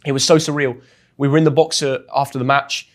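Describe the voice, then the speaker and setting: A young man from England with an English accent, telling a story as a guest in an interview with lively, chatty energy and frequent restarts. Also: medium pitch, quick pace. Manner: chatty and animated, often restarts words. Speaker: guest, football influencer.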